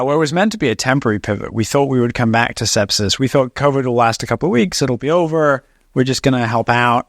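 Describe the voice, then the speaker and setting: A man's voice: medium pitch, no echo, studio quality. Easygoing male CEO guest. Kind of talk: podcast interview.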